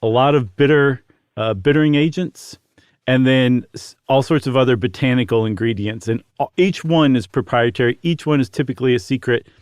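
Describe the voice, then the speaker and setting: A man's voice: mid-range voice, fairly quick, darkish tone, clean tone, dry recording, studio quality. A man co-hosting a podcast, chatting casually and explaining things with lots of fillers. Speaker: podcast co-host.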